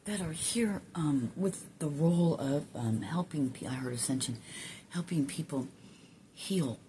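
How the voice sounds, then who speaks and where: Recorded on a phone with a little background noise, this spiritual vlogger talks to the camera in a low, mellow voice. Her casual monologue wanders, with swearing, quiet laughs at herself, and many halting restarts.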